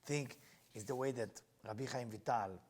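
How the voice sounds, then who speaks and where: Middle-aged male Kabbalah teacher, breathy-husky tone, earnest storyteller with simple non-native phrasing. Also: medium pitch, normal speed, a little mellow.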